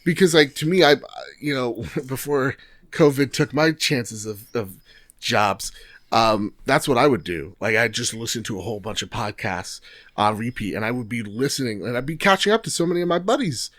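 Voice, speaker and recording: Animated man co-hosting a podcast. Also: medium pitch, normal speed, no echo. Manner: jokey, reads listener reviews aloud. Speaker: podcast co-host. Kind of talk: casual podcast chat.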